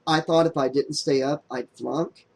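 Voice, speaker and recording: A smooth, easygoing young man in an audiobook , as a male narrator plays him. He talks in a casual, joking way. The voice sits slightly above a typical male pitch. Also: steady tone, moderate pace. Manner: smooth, casual and lightly raised. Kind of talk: audiobook character voice.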